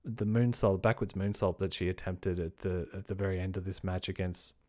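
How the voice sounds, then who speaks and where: A man's voice: deep voice, steady tone, brisk, darkish tone. A man hosting a podcast, giving blunt, rambling opinions with frequent swearing and restarts. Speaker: podcast host. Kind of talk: casual opinion commentary.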